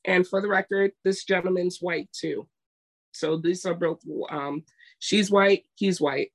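A woman's voice: on the low side, steady tone, unhurried. A woman co-hosting a casual chat, telling stories emphatically and acting out what people said. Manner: emphatic, retells scenes with quoted voices. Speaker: podcast co-host.

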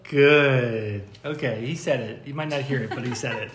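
A young father hosting a casual podcast, gently and patiently coaxing his toddler to say words. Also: medium pitch, fast, echoey room, background noise. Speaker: podcast host.

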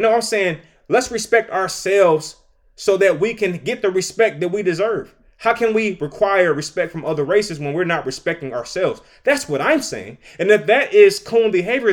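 A man with a voice pitched a little high talks through his podcast alone. He is opinionated and animated, and he chuckles between his points. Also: normal speed. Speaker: podcast host. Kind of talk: solo commentary monologue.

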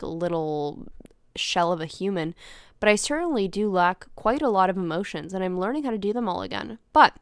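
Rambling young woman, smooth close voice. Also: on the low side, fairly bright tone, no room sound. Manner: rambling, self-deprecating, swears casually. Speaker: podcast host. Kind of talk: casual solo podcast storytelling.

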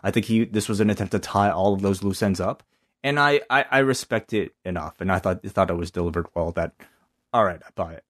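Low-voiced man reacting animatedly. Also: brisk. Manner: animated reactions, many restarts and fillers. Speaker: podcast co-host. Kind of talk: casual chat.

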